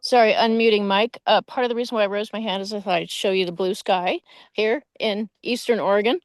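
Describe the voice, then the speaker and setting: A woman's voice: mid-range voice, steady tone, fairly quick, dry recording. A woman joining an online book discussion from home, chatty and enthusiastic with many fillers. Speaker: reading group participant. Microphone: video call.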